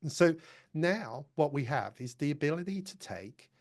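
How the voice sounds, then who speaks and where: A man's voice: on the high side, sing-song, moderate pace. A man presenting a live demo at a conference, chatty and apologetic, with many fillers. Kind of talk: live tech demo talk.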